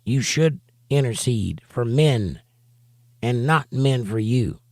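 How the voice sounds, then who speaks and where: Bible study teacher, male, mid-pitched voice, reads passages then comments emphatically, dry close sound. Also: lively intonation, takes it slowly, no echo. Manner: emphatic, rhetorical asides between readings. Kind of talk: reading scripture aloud with commentary. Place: home studio for a livestream.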